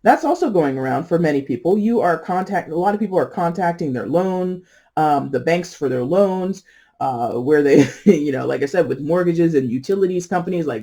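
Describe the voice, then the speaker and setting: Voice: mid-range voice, moderate pace, mellow. A tarot reader giving a casual, rambling reading who laughs often and corrects themselves mid-sentence.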